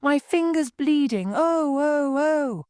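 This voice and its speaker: A woman voicing a fussy, scatterbrained old queen who talks in a high, fluttery way and breaks into wailing cries. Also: sing-song, a little slow, darkish tone, no echo, studio quality.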